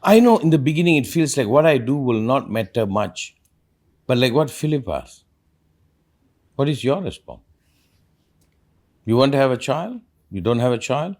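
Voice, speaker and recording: A man's voice: mid-range voice, very animated, moderate pace, long pauses, darkish tone. A man, a spiritual teacher, talking earnestly in a reflective conversation and asking probing questions.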